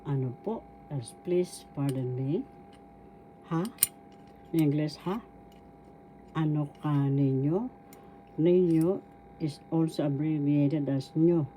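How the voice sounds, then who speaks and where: A woman with a Filipino accent teaching a language lesson, sounding out words slowly syllable by syllable. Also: deep voice, mellow, slight background noise. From Philippines. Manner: slow, careful syllable-by-syllable pronunciation. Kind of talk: slow spoken language lesson.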